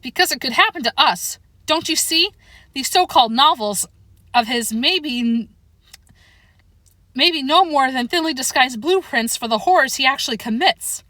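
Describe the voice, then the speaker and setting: A woman's voice: high voice, expressive, normal speed, bright, forceful tone, no room sound, clean studio sound, voice pushed up. A woman voicing a paranoid, theatrical male house cat in an audiobook reading. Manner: insistent, theatrical warnings.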